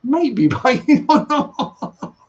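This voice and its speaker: A man's voice: very high voice, sing-song, extremely slow, muffled recording. A man hosting a casual late-night live stream, reading out chat messages, teasing and laughing often.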